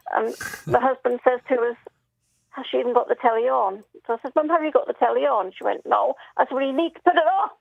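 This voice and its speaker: A woman's voice: on the high side, brisk, vocal fry, no room sound. A middle-aged woman with a Northeast English accent, calling in to tell a funny family story and laughing as she talks. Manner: chatty, laughs through her stories. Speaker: caller. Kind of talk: casual phone-in storytelling. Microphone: telephone. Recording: muffled phone line.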